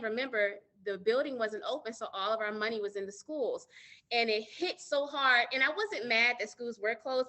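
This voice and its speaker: A woman's voice: a little high, pushed and bright. A middle-aged woman business owner, a guest telling her story earnestly in an interview and talking straight to listeners. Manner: earnest, addresses listeners directly as y'all.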